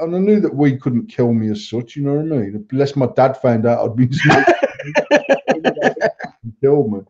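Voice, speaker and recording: Bloke rambling, loads of swearing, mellow voice, kinda muffled lo-fi audio. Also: male voice, medium pitch, sing-song, moderate pace. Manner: sweary, blunt, rambling, acts out quotes. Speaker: podcast co-host, vape shop owner. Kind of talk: casual banter. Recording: dull lo-fi sound.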